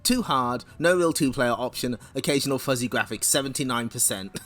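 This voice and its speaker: A man's voice: mid-range voice, lively intonation, fairly quick, fairly bright tone, faint music behind. A man hosting a casual comic read-along stream, laughing often and making wry asides. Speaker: streamer reading comics aloud.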